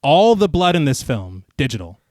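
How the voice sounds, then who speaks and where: A man's voice: on the high side, sing-song, moderate pace, darkish tone, dry recording, clean studio sound. A man co-hosting a podcast, recapping a film scene by scene and adding chatty asides, laughing often.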